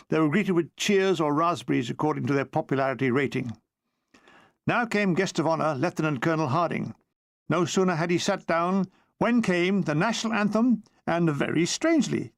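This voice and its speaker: A man reading a memoir aloud as an audiobook, with expressive comic timing. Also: on the high side, vocal fry, no echo, clean studio sound. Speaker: audiobook reader. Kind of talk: audiobook narration of a war memoir.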